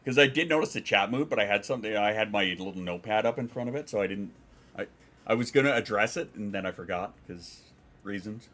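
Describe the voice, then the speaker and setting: Streaming from home, a man chats casually and rambles, swearing as he reads chat messages aloud. His voice sits on the low side, fairly bright and expressive, and he speaks at a quick pace.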